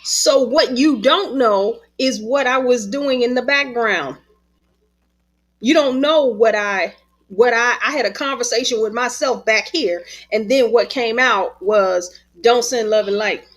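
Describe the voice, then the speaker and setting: A woman author and spiritual teacher speaks in a relaxed, conversational way over a video call. Her voice sits a bit high, and she tells stories with lots of expression and frequent laughter. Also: unhurried. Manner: animated, expressive storyteller who laughs often. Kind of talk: casual conversation.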